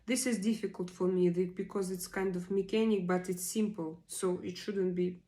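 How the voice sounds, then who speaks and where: A woman's voice: on the low side, fairly even intonation, normal speed, mellow, poor audio. A woman in her forties with non-native English, chatting on a live stream and hesitantly repeating vocabulary words aloud. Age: 40s. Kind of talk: casual live-stream chat, practicing vocabulary.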